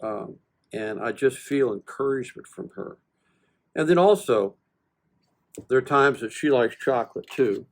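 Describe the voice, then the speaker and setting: A man's voice: medium pitch, creaky. A man in his seventies, a veteran guest, telling a long personal story in a casual interview and acting out both sides of the conversation with self-deprecating humor. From United States. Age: 70s. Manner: animated, folksy, acts out both sides of conversations.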